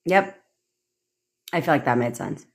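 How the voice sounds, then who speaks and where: A woman's voice: extremely low pitch, big pitch swings, a little slow, vocal fry. A woman manifestation coach talking casually on a phone livestream, chatty and cursing often as she answers viewers. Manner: chatty, frequent profanity, addresses viewers by name.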